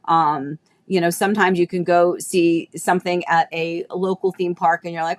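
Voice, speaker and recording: This Florida realtor in her thirties hosts a casual livestream in a lowish, flat voice at a moderate pace, with hardly any pauses. She chats and rambles with lots of fillers and restarts, turning nostalgic and emotional at times and laughing between tears.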